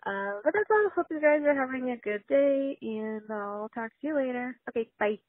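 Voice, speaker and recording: A woman's voice: high voice, animated, moderate pace, no echo. Bubbly woman calling in by phone. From Southern California. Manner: bubbly and upbeat. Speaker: caller leaving a voicemail. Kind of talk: casual voicemail message. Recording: muffled phone line.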